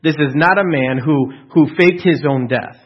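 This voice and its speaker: A man's voice: fairly high pitch, moderate pace, slightly rough, dull audio. A man preaching a sermon in an earnest, emphatic way, with rhetorical questions and frequent restarts. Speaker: pastor.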